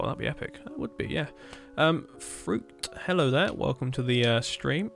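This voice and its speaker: A man streaming a building game, chatting casually and rambling with dark jokes. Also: mid-range voice, expressive, a little slow, gravelly, hardly any pauses, faint music behind. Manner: rambling, joking, darkly humorous. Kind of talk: casual chat while gaming.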